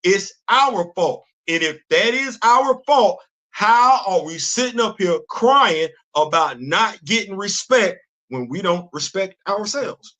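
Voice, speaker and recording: Older man host, high bright voice, stammery restarts. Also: slow. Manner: animated, repeats words when he starts a sentence. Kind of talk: livestream commentary.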